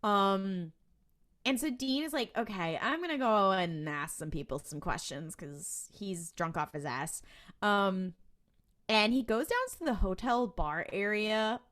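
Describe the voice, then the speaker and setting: Woman, podcast co-host, casual recap, animated storytelling, mid pitch. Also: a little slow. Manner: animated storytelling with quoted voices and laughs.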